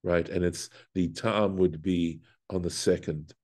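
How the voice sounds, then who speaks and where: A man's voice: sits low, steady tone, measured pace, a little mellow. A man, a rabbi, teaching a Torah lesson, reading Hebrew aloud and explaining it step by step, with fillers and self-corrections. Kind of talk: Bible study lesson.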